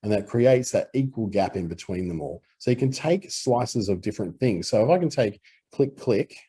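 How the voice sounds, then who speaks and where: Male tutor with an Australian accent, relaxed walkthrough, low and husky. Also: moderate pace. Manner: relaxed explanatory talk with fillers. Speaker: audio editing instructor. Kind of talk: screen-recorded software tutorial.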